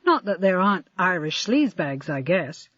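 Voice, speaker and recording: A man's voice: high-pitched, big pitch swings, normal speed, bright, forceful tone, dry recording, full character voice. A narrator reading the lines of a blunt male police sergeant who takes charge in a firm, matter-of-fact way, on a dull, dry recording. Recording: dry, slightly dull lo-fi audio.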